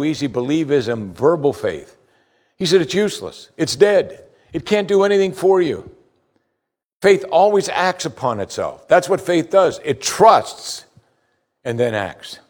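A man preaching a sermon, reading scripture aloud and explaining it with emphatic rises and quiet low asides. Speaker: pastor.

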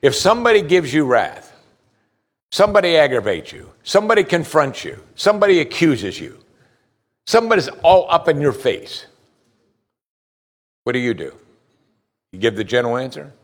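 A man's voice: fairly high pitch, sing-song, normal speed, long pauses. A man preaching a sermon as pastor, putting direct questions to his listeners with emphasis.

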